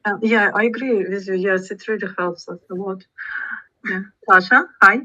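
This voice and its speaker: A woman chatting in English in a speaking club, halting, with many fillers. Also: mid-range voice, fairly even intonation, pushed and bright, lo-fi sound. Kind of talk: casual group chat in English.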